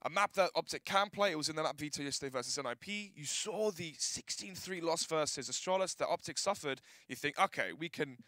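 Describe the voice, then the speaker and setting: Fast-talking male esports caster. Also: a little high, pushed and bright, dry recording. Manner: chatty, quick, talks over his co-caster. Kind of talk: esports desk analysis. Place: studio desk at a live event.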